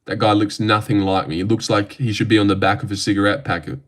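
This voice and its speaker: A man's voice: fairly low pitch, steady tone, quick pace. A young man hosting a casual livestream, reading viewer comments aloud and bantering back in a joking way. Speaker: livestream host. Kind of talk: casual live-stream chat.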